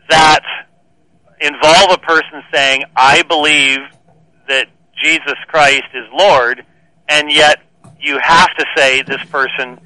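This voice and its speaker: Bright-voiced earnest theologian man. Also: fairly high pitch, no room sound, rough recording. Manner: earnest, repeats words when starting. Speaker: guest theologian. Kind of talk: radio interview answers.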